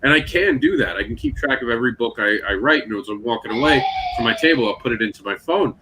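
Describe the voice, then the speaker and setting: A man hosting a casual panel chat, telling animated stories and acting out the quotes. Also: medium pitch, fast, background noise. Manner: animated storyteller, acts out quotes. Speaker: panel host.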